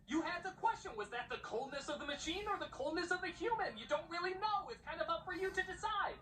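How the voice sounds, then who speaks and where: A man's voice: extremely high pitch, sharp tone. Sarcastic ranting male film critic. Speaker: movie critic. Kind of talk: comedic film review. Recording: played back from far, faint noise.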